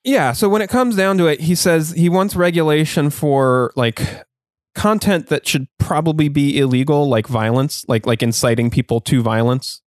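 A man's voice: a little high, moderate pace, darkish tone, no room sound, studio quality. A man co-hosting a podcast in casual chat, laughing often and talking with plenty of fillers. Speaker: podcast co-host.

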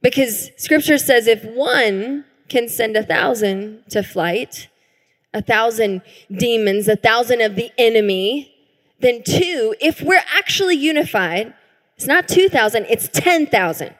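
A woman's voice: a little high, animated, a little slow, a bit bright. A woman pastor preaching a sermon in an earnest, emphatic way. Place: church hall. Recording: reverberant church hall.

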